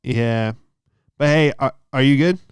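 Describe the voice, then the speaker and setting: A man's voice: mid-range voice, a little slow, clean tone, no echo, studio quality. A young adult man, a comedian hosting his own show, telling a long profane story alone in a small closet. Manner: profane, loose, laughs mid-story. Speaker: comedian podcast host. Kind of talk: rambling solo storytelling. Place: small closet, dry sound.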